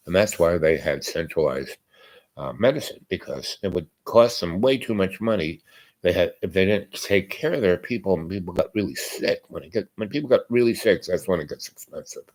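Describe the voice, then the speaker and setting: An older man with a deep, low voice, hosting his own podcast. He talks in a loose, meandering way, with plenty of fillers and side stories. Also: expressive, moderate pace. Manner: meandering, many fillers and asides. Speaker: podcast host. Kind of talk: rambling casual monologue.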